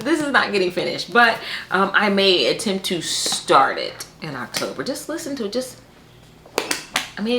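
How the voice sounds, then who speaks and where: A woman's voice: mid-range voice, pushed and bright, a little hiss or hum. A woman hosting a book vlog, chatting casually to camera with playful, exasperated humor and frequent laughter. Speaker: book vlogger host.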